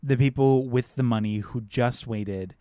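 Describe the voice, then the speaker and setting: A man's voice: mid-range voice, unhurried, dark tone, no room sound, studio quality. Earnest man podcast co-host. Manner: earnest, repeats phrases while thinking, acts out quotes. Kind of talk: casual film discussion.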